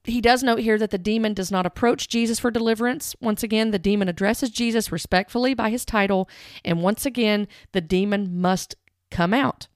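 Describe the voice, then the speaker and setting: Woman commentator, earnest and direct, smooth clear tone, dry close sound. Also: mid-range voice, fairly quick, no echo. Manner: earnest, direct, stressing words. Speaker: Christian commentator. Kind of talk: earnest commentary with read-aloud quotes.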